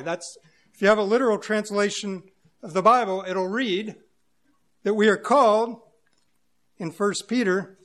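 A man preaching a sermon, reading scripture and explaining it in an earnest, emphatic way. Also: high-pitched. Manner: earnest, emphatic, searching for words. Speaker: pastor.

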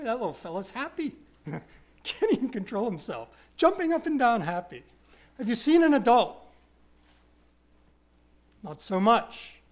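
A man preaching a verse-by-verse sermon in a high, light voice. He hammers his points home by repetition and swings from loud, drawn-out emphasis to quiet asides about himself. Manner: emphatic, repeats key words, self-deprecating asides. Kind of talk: expository sermon.

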